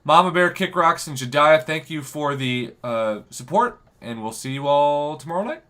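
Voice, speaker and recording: A hoarse man hosts a casual livestream in an upbeat, rallying way. His voice sits fairly high and swoops up and down a lot. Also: animated, moderate pace, sharp tone. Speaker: livestream host.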